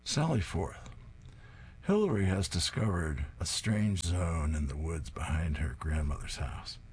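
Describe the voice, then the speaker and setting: A man reads comic strips aloud and describes each panel plainly. His voice sits very low, with a faint hum behind it. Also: expressive, measured pace. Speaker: reader.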